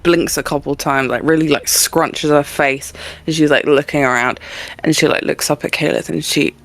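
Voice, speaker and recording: A woman's voice: low-pitched, steady tone, normal speed. A woman describing her character in a tabletop game, hesitant with many fillers. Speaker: player. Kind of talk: tabletop role-play chat.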